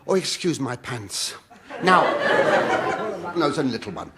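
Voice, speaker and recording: A man's voice: mid-range voice, expressive, moderate pace, heavy background noise. A man hosting a live radio comedy show on a theatre stage, out of breath, flustered and camp, pleading with the audience. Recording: 1970s radio broadcast, loud audience laughter.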